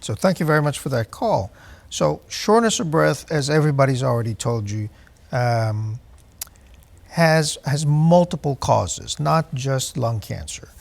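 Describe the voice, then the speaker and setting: Slow gravelly older male doctor. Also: medium pitch, lively intonation. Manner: slow and measured, hesitant fillers. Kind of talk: TV health call-in answers.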